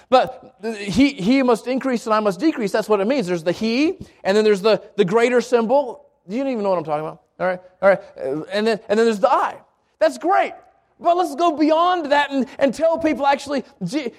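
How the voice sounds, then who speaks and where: A middle-aged male pastor telling a personal story in a sermon, with frequent restarts and repeated words. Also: very high-pitched. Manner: storytelling with many restarts and stammers.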